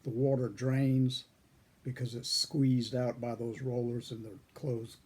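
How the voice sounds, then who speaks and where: An older man telling a folksy childhood story, husky with a frog in his throat, chuckling often. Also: mid-range voice, flat delivery, unhurried, a little mellow. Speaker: pipe-smoking storyteller. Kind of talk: casual storytelling.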